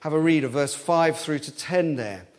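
A man gives an earnest expository sermon in an animated voice at an ordinary speed. Thinking aloud, he often says words twice, and his voice rises in both pitch and force when he voices quoted cries.

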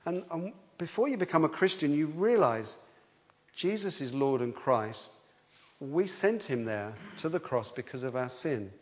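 A man preaching a sermon in a lively, conversational way, often restarting his sentences. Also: fairly high pitch, measured pace. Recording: long hall reverb.

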